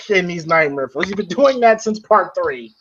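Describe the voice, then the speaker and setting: A man's voice: sits high, expressive, a little slow, a bit bright. A man hosting a casual movie review chat, rambling through scenes with lots of fillers and laughs, on a dull lo-fi recording with faint hiss. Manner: rambling with many fillers and restarts, laughs often. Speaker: podcast host.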